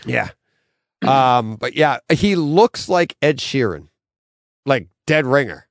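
A man's voice: medium pitch, big pitch swings, slow pace, gravelly, no echo. Chatty, laughing man with a very dry sound. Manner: rambling, laughs often, many fillers. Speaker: podcast co-host. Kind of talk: casual chat. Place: comic bookstore.

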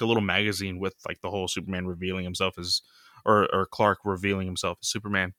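A man's voice: deep voice, level tone, fast talker, sharp tone, no room sound, clean studio sound. A man co-hosting a podcast, recapping a comic in loose casual chat full of fillers. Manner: loose, filler-heavy retelling with many "you know" and "like".

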